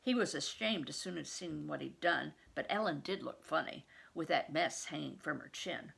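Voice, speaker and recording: A woman's voice: deep voice, animated, moderate pace, vocal fry, hardly any pauses, fairly bright tone, breathy edge. An older woman, a retired reading teacher, reading a storybook aloud and patiently stopping to explain words to children.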